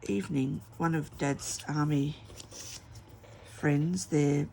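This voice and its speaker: A woman's voice: sits low, steady tone, slow, vocal fry, mellow, slight background noise. A middle-aged woman, chatting casually and telling rambling stories while she crafts at home. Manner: rambling storytelling with many fillers. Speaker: craft vlogger.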